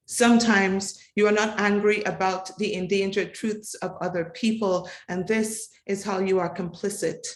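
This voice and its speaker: A woman reading a poem of tribute in a slow, measured, incantatory way, building on repeated refrains. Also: mid-range voice. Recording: echoey room.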